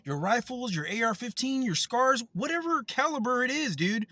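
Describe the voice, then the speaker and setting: A man's voice: very high voice, expressive, normal speed, pushed and bright, dry recording. A man from the United States, a vlogger, delivering a heated, profane, repetitive rant to camera.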